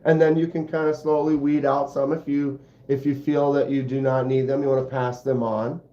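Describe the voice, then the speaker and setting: The host of a knife channel livestream, a man with a mellow, mid-range voice, chats casually in a rambling, self-deprecating way. His delivery is flat and moderately paced, and the recording sounds roomy and slightly dull.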